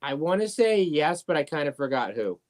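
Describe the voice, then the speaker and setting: A man's voice: fairly high pitch, very animated, normal speed, darkish tone. A man hosting a casual racing podcast, easygoing and agreeable in his delivery. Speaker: podcast host. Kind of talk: casual sports talk.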